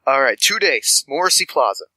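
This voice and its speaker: A man's voice: mid-range voice, big pitch swings, a little fast, pushed and bright, no echo, heavily acted, rough recording. A man playing a rambling spindly street informant. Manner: rambling, stammering, affectionate.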